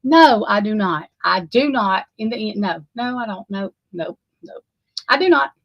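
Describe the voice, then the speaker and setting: A woman's voice: fairly high pitch, expressive, normal speed, no echo, lo-fi sound. A woman giving unscripted true crime commentary, heated and emphatic, swearing freely and repeating herself. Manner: heated, profane, emphatic and repetitive.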